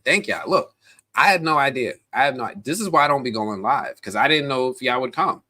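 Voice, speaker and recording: A man hosting a casual live stream, chatty and animated, talking straight to his viewers with plenty of slang, fillers and restarts. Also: fairly low pitch. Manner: slangy, addresses viewers directly.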